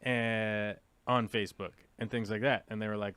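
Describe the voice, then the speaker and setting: Man, host, fairly low voice, dry sound, relaxed explaining. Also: normal speed, smooth, dry recording. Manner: relaxed, explanatory, often says "okay". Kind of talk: casual chat, explaining.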